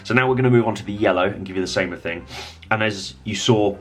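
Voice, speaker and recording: A man giving a relaxed, rambling hobby painting tutorial, thinking aloud as he works. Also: lowish voice, fast talker.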